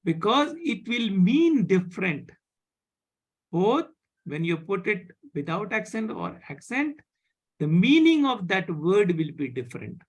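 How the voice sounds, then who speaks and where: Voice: mid-range voice, sing-song, a little slow, slightly rough. A French teacher, leading a live online beginner class over a video call, patiently repeating points and checking that students follow. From India.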